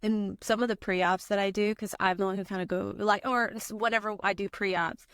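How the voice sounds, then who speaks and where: A woman's voice: medium pitch, steady tone, a little fast, a bit bright, clean tone, no echo, clean studio sound. Chatty young woman, laughs easily. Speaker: physician assistant, podcast guest. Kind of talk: casual conversational podcast.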